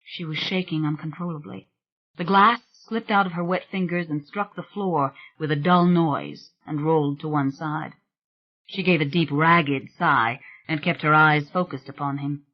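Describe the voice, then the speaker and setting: An audiobook narrator giving a measured, scripted reading of a gothic thriller novel. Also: medium pitch, steady tone, dull audio.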